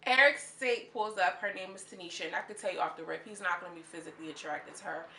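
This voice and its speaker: Slangy animated woman doing a show review vlog, bright sharp voice, echoey room. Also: lowish voice, fast talker. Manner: animated and slangy, acts out quotes in mocking voices. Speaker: reality TV reviewer. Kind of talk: casual commentary vlog.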